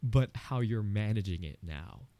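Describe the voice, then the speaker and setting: A man with a lowish, mellow voice speaks in a solo podcast monologue. He sounds earnest and candid, encouraging listeners directly. He talks casually, with plenty of "you know" asides. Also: expressive, a little slow. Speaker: podcast host.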